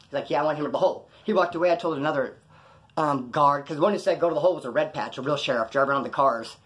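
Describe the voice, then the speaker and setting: Speaking very fast in a high, slightly bright voice, this Californian recounts his time in jail, swearing freely, wandering off-topic, and playing the other characters' parts.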